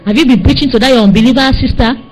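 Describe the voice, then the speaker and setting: A woman's voice: high-pitched, racing, a little mellow, soft background music, poor audio. Impassioned Nigerian woman preaching. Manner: impassioned, scolding, repetitive exhortation. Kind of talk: sermon.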